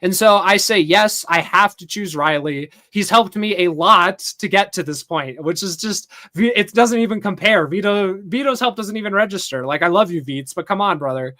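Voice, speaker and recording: A man's voice: high voice, lively intonation, normal speed, hardly any pauses, pushed and bright. A man hosting a podcast, rambling casually through a story, reading chat messages aloud with frequent chuckles and filler words. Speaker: podcast host.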